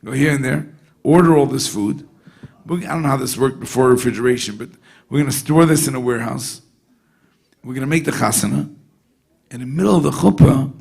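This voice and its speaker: A man, a rabbi, telling a story to a gathering in a chatty, animated way, dropping in Yiddish and Hebrew words and checking in with the listeners. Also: medium pitch, vocal fry, breathy edge. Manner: conversational, often asks the audience "you know what I mean?". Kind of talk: storytelling talk at a Hasidic gathering.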